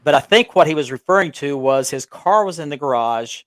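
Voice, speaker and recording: A man's voice: fairly high pitch, expressive, brisk, dry recording, studio quality. A man co-hosting a collectors' chat show, telling a rambling story over a remote call, with frequent restarts and chuckles. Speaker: belt collecting show co-host. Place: small town home. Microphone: remote call with audio delay.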